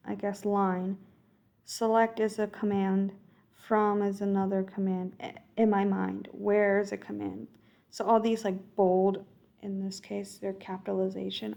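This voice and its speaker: A coding tutor thinks aloud while working through a coding exercise, correcting herself and murmuring code as she types in this screen-recorded walkthrough. Her voice is medium-pitched, gravelly, and mellow.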